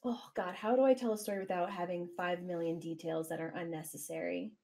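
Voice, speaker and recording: A woman's voice: lowish voice, steady tone, a little fast, darkish tone. A woman with an American accent, chatting as a guest on a casual podcast, telling a rambling story full of fillers. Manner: chatty, self-conscious storytelling with many fillers. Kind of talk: casual chat.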